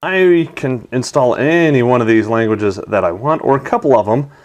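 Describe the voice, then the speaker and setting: A man's voice: medium pitch, expressive, normal speed. A man hosting a tech video, narrating a product demo in an enthusiastic, chatty way.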